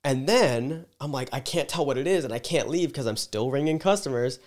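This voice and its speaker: A man's voice: medium pitch, expressive, fairly quick. Man, casual chat, rambling storyteller, acts out the people, lots of "like". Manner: rambling, fills talk with "like".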